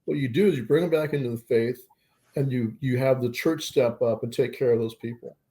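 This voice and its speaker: A male guest on a political talk show, calmly and measuredly laying out his disagreement. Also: medium pitch, brisk.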